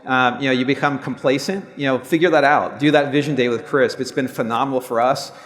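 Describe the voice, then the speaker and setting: A man's voice: medium pitch, fairly quick, fairly bright tone. Earnest man in his fifties, big-venue reverb. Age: 50s. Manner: earnest, reflective, speaks openly and personally. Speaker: law firm owner, panelist. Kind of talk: live panel discussion. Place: large stadium event on stage.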